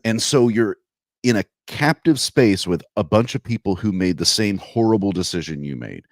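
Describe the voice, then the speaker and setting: A man's voice: on the low side, lively intonation, normal speed, dry recording. A man co-hosting a podcast in casual chat, with dry, self-mocking humor. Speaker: podcast co-host.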